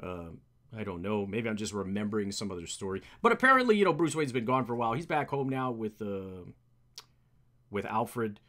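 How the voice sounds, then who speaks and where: Streamer guy recapping a comic, rambling, lively up and down voice. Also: fairly low pitch, fairly quick. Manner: animated, rambling, lots of restarts and fillers. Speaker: comic book reader, streamer.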